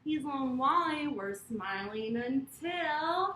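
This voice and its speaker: A woman with a high voice reads a picture book to young children, drawing out her words in a slow, sing-song way. She coaxes the kids through animal poses and hand signs. The room around her is echoey. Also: animated, a bit bright. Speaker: children's storyteller and yoga teacher. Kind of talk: reading a picture book with yoga and sign language for kids.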